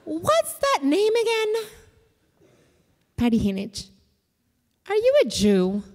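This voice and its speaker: A woman's voice: very high-pitched, huge pitch swings, slow, a little mellow, pitched above the performer's own voice, heavily acted. A woman putting on a blunt, haughty TV chef. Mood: incredulous. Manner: blunt, incredulous questioning. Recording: echoey live hall.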